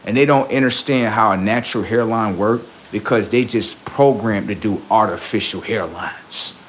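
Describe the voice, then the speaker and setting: A man's voice: on the low side, moderate pace, a little hiss or hum. A man hosting a livestream, delivering a boastful, heavily profane rant that taunts the people he is mocking. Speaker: livestream host.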